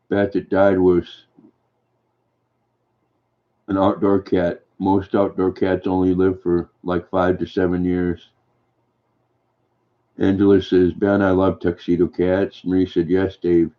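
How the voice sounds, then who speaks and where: An older man with a deep, flat voice chats gently with viewers in a folksy way. His voice comes through dull, lo-fi stream audio. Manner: gentle, folksy, reads viewer comments aloud and answers them. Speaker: livestream host reading chat. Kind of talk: casual chat.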